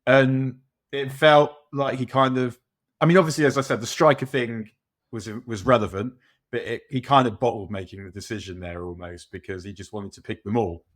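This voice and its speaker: A man's voice: medium pitch, steady tone, normal speed. A man co-hosting a football podcast, talking in a rambling, self-mocking way with many restarts. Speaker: podcast co-host. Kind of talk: casual football chat.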